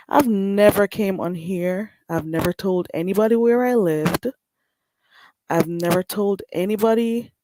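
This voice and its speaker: A woman's voice: on the low side, background noise. A woman with a Jamaican accent hosting a casual livestream, greeting viewers by name and speaking bluntly and sassily. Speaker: livestream host.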